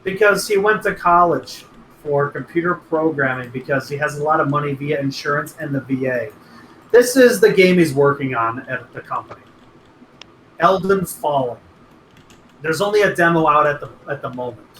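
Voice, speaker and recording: A young man on a casual podcast, telling crude stories with animated energy. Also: fairly high pitch, normal speed. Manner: animated storytelling, crude jokes, voices friends. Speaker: podcast regular telling a story. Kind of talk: casual chat. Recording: echoey room with faint noise.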